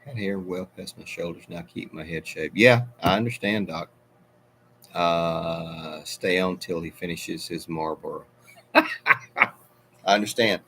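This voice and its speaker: This middle-aged livestream host has a deep voice with a fairly bright tone and a measured pace, over a faint hiss or hum. He chats casually through viewer comments, rambling and wandering off topic as he interrupts himself.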